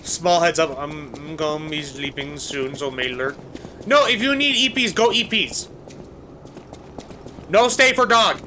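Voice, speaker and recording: Bright high-voiced male game streamer. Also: animated, moderate pace, a little hiss or hum. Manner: reactive, chatty with viewers. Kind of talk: live gameplay commentary.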